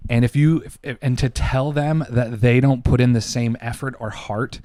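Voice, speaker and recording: A man's voice: medium pitch, steady tone, moderate pace, hardly any pauses, warm tone, dry recording, clean studio sound. A man co-hosting a casual podcast, arguing heatedly and emphatically, with lots of swearing. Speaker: podcast co-host.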